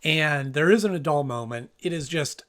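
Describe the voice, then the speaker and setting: A man hosting his own cartoon review show, talking in a relaxed and upbeat way. He rambles quickly through his opinions with a friendly, chatty energy. His voice sits a bit higher than most men's. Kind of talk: casual review and plot recap.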